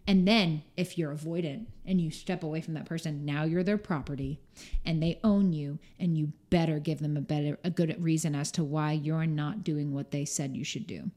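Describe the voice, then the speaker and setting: A woman's voice: low voice, a little mellow. A woman talking as a podcast guest in a casual interview, chatty and full of "like", often acting out what other people say. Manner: chatty, full of "like", acts out quoted speech.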